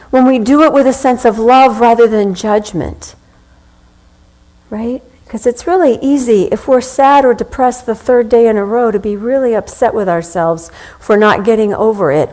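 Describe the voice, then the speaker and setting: A woman minister delivers a sermon as if chatting with her congregation, weaving in personal stories. Her voice sits a little high. She slows down and pauses deliberately on her key points. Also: a little mellow, low-quality recording. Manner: conversational, anecdotal, with slow deliberate pauses.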